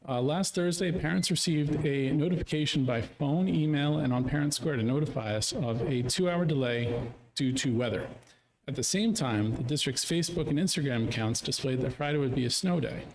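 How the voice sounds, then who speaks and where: A man's voice: fairly high pitch, brisk, poor audio. A man giving a pointed, prepared public comment at a school board meeting.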